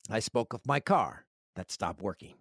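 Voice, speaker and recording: A middle-aged man hosts a casual podcast, reading listener mail aloud and telling joking, animated stories with self-deprecating asides. His voice is lowish and creaky at a moderate pace, in a dry, studio-quality recording.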